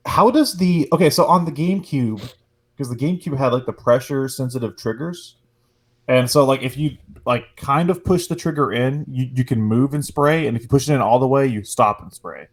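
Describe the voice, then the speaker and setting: Animated swearing podcast co-host, a man. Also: medium pitch, a little fast. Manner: animated, swears, rambling with fillers. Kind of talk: casual chat.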